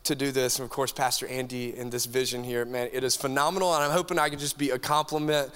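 A man, a youth pastor preaching an energetic, joking sermon to a congregation in a large church hall. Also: mid-range voice, fast, clean tone. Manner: animated, joking, talks straight to the crowd. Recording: long hall reverb from a church room.

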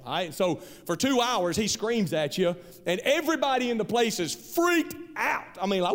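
A man's voice: sits high, lively intonation, a little fast. A man preaching a sermon as pastor, earnest and conversational, often repeating himself. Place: large church hall. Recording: reverberant hall.

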